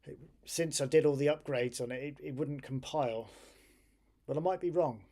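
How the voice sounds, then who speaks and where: A man's voice: fairly high pitch, moderate pace, dark tone. A tired man casually thinking aloud on a live stream while he waits on an old home computer to finish a job.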